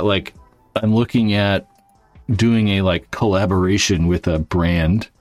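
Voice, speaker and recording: In a casual livestream chat, a man hosting his YouTube channel rambles to viewers, full of fillers and swearing. His voice is lowish, and the recording is dry.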